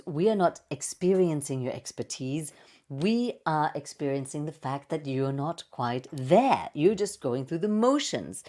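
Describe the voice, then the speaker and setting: A woman voice coach giving a playful, expressive presentation with slides and vocal demonstrations. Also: deep voice. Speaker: voice and speaking coach.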